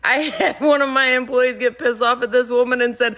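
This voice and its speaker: A high-pitched woman talks fairly quickly, delivering an animated comedic monologue about the staff at the workplace she manages. She swears freely and frequently laughs before finishing her sentences.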